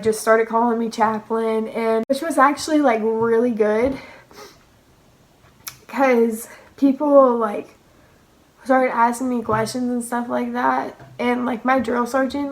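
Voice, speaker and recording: Young woman vlogger, high voice, chatty storytelling, acts out the quotes, laughs a lot. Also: poor audio. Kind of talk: casual storytelling.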